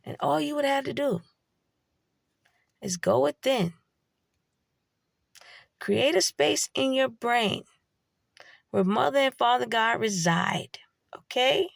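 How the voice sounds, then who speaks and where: Woman cussing her way thru a spiritual rant, gravelly voice, kinda high, dry close mic. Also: expressive, slow pace, pauses often, dry recording. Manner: blunt, heavy swearing, preachy. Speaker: spiritual vlogger. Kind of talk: profane spiritual monologue.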